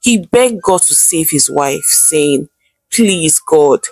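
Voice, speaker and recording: A woman's voice: low voice, expressive, slow, creaky, a little mellow, breathy edge. Woman telling a folktale. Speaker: storyteller. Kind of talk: storytelling narration. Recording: faint background music.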